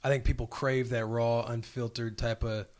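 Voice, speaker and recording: A man's voice: medium pitch, little pitch movement, normal speed. A man, a football player guest on a podcast, talking in a laid-back, teasing way and swearing casually. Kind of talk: casual chat.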